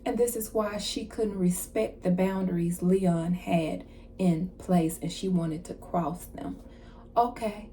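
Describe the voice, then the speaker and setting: A woman card reader giving a casual channeled message, retelling a story in an animated way with slang and asides. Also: fairly low pitch, slow pace, slight background noise.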